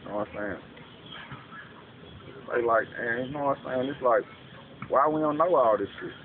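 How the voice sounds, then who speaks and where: Man, casual preachy monologue, street slang, tinny phone-like sound, loud hiss. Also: medium pitch, normal speed. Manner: preachy, street slang, repeats "you know what I'm saying". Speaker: speaker explaining a belief. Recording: tinny lo-fi with loud background noise.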